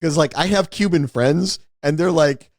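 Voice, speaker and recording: A man's voice: fairly high pitch, moderate pace, dry recording, clean studio sound. A man co-hosting a podcast, chatting casually about a film and thinking aloud as he talks. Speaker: podcast co-host. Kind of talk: casual movie review chat.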